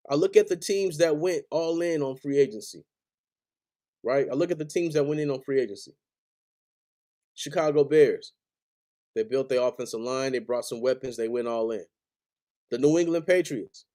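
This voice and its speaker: A man's voice: a little high, mellow. A man hosting a sports podcast, angrily ranting as a frustrated fan in heated, profane, repetitive bursts. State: angry. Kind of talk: angry fan rant on a live stream.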